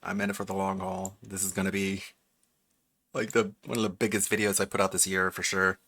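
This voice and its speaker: Low-voiced bright streamer man. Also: completely flat delivery, brisk. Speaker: streamer host. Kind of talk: casual stream chat.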